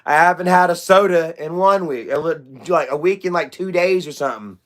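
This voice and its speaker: A man's voice: on the high side, brisk. Rambling young man chatting on a livestream. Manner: rambling, loose and profane, heavy on fillers. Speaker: livestream host. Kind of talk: casual livestream chat.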